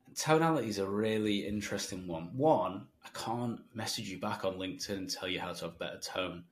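A confident man coaches on sales in a relaxed podcast chat and explains his points with playful examples. His voice sits a little low. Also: fairly quick. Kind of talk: conversational teaching.

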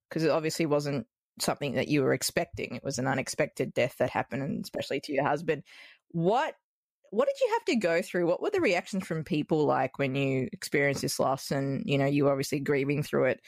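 An Australian woman hosts a conversational interview. Her voice sits low, recorded dry and close. She asks long, rambling questions with plenty of fillers. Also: no echo. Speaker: interview host.

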